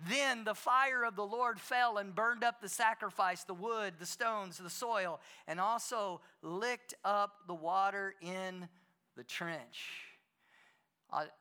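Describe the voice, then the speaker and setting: Fiery high-voiced male preacher. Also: clear, resonant tone. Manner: impassioned preaching, swinging between loud and hushed. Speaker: pastor. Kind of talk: sermon.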